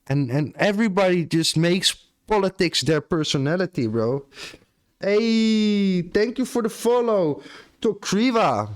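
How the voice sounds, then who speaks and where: Young Australian man, unhurried live-stream chatter, dry close sound, casual and profane. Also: sits high, expressive, no echo. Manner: laid-back, swears casually, often ends lines with "bro".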